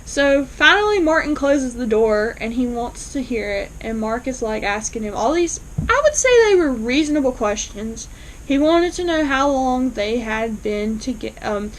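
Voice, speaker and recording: A woman's voice: on the high side, a little hiss or hum, poor audio. A woman casually recapping a TV episode for her channel, retelling the plot in a chatty way with lots of fillers. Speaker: TV episode reviewer.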